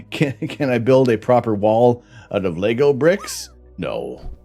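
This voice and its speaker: A man's voice: medium pitch, wildly swooping pitch, takes it slowly, creaky, warm tone, soft background music. A middle-aged Canadian man hosting a live stream, chatty and self-mocking, laughing often as he reads out explanations and answers chat. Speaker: livestream host.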